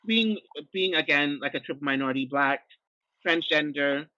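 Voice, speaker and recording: A trans woman and drag performer, a podcast guest, frankly retelling her experiences in a lively way with plenty of fillers. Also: sits low, normal speed, no echo, dull audio. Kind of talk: candid storytelling conversation.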